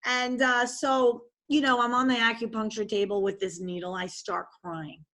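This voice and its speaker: A middle-aged woman, a podcast guest, telling a personal story in a candid, expressive way with many fillers. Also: on the high side, normal speed.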